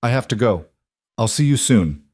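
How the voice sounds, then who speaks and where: A man's voice: medium pitch, animated, moderate pace, darkish tone, breathy edge, no echo, clean studio sound. A man voicing a powerful mafia boss, icy and controlled in an audiobook reading.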